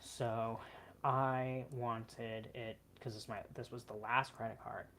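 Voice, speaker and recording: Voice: medium pitch, little pitch movement, takes it slowly, a bit bright, slight background noise. A vlogger telling a personal story in an earnest, emotional way, with frequent "like" and "um" fillers.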